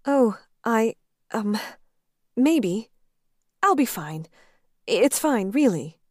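A woman's voice: a little high, sing-song, extremely slow, no room sound, clean studio sound, voice pushed up, heavily acted. A woman reader voicing a shy, flustered young woman office worker who stammers nervously.

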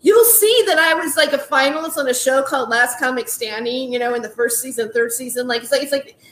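Here a comedian in her forties talks fairly quickly in a high, slightly bright voice that echoes around her. Her storytelling wanders loosely, with frequent "like"s, false starts and moments where she laughs at herself.

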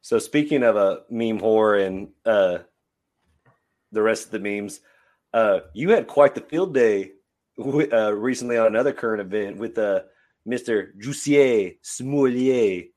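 A man's voice: fairly low pitch, normal speed, darkish tone. A man co-hosting a casual podcast chat, joking along in an easygoing way. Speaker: podcast co-host.

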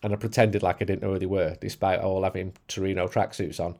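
A man with a darker, mellow voice talks in a relaxed, casual way. His storytelling is dry and wry, with a few small restarts as he goes. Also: low-pitched, quick pace. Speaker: football podcast regular. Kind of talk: casual anecdote-telling.

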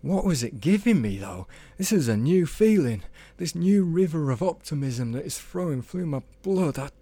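A man voicing an excitable, obsessive male football fan. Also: medium pitch, slow pace, husky, no echo, heavily acted. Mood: wondering. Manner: shouty, wound-up.

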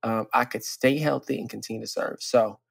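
A man in casual podcast talk, animated and candid, who laughs easily and leaps up in pitch when quoting himself. His mid-range voice sits on a dry, close mic. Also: brisk, gravelly, dry recording. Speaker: podcast co-host.

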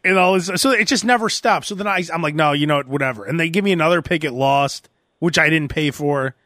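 A high-pitched man with a bright, forceful voice hosts a casual podcast chat. He tells animated stories, acting out both sides of phone calls and sometimes breaking into loud shouts. The recording is dry and close. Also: fast talker, no room sound. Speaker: podcast host.

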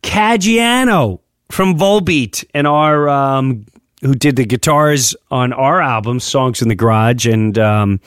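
A man's voice: medium pitch, slow, clear, resonant tone, no echo. Laughing male podcast host, dry mic. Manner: animated, laughing, joking. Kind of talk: casual chat and reading a letter aloud.

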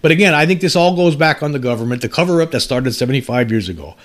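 A man's voice: fairly high pitch, lively intonation. A man in his fifties casually commenting on an article he reads aloud, stumbling and restarting, his voice climbing when he gets worked up. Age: 50s. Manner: halting, many restarts, rising when indignant. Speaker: UFO commentary channel host.

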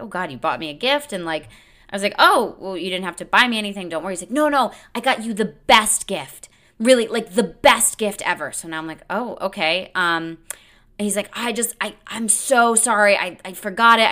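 Woman host in her thirties, chatty storyteller, bright voice pitched a bit low. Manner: chatty, animated, lots of "like" and quoted dialogue. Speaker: podcast host. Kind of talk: casual storytelling monologue.

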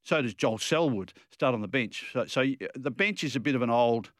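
An Australian man gives his views on football as a radio co-host. He rambles and restarts his sentences as he argues a point. His mid-pitched voice is recorded dry and close. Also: a little fast, no room sound. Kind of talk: casual radio chat.

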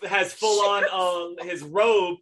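A man's voice: sits high, takes it slowly. A man, chatting casually on a podcast and acting out movie lines as he tells them. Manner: animated storyteller, acts out movie lines. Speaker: podcast co-host. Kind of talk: casual chat.

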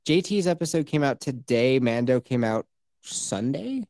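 Podcast host, male, lively pitch, swears freely, dry studio sound. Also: normal speed, no room sound. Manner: animated, swearing storyteller. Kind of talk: casual chat, TV recap.

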